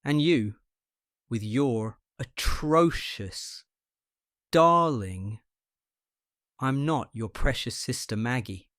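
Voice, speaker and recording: A man reading aloud, voicing a weak, bewildered bedridden man who snaps and shouts in irritation. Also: mid-range voice, lively intonation, drawn-out words, long pauses, no echo, studio quality. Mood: furious. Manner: furious outbursts, snapping and shouting. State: weak from illness.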